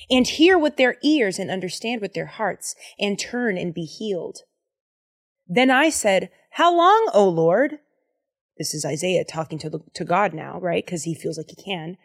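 A woman's voice: lowish voice, animated, measured pace, slightly rough. A young woman casually leading a Bible study, enthusiastic and chatty with lots of fillers.

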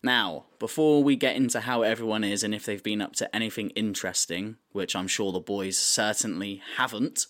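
A man's voice: lowish voice, fairly even intonation, moderate pace, hardly any pauses, fairly bright tone. A man hosting a podcast in a playful, casual way, introducing a guest. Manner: playful, laughs easily. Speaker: podcast host.

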